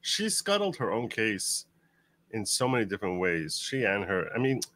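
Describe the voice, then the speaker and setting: A man with a low yet bright, forward voice, calmly laying out legal requirements one by one. His sound is dry and close. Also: normal speed, no room sound. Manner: methodical, explains legal points step by step. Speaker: co-host legal commentator. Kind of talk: casual explanatory commentary.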